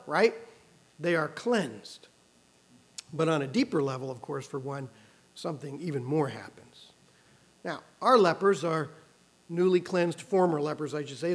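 A man preaching a sermon, expressive, raising his voice when quoting the cries of the people in the story. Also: a little high. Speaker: pastor.

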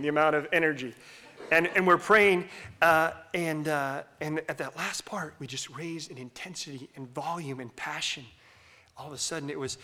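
Middle-aged male pastor, bright, fairly high voice, dynamic sermon delivery from hush to shout, leads congregation participation. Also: a little hiss or hum. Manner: animated, swings between loud bursts and hushed whispers; leads the congregation in call-and-response.

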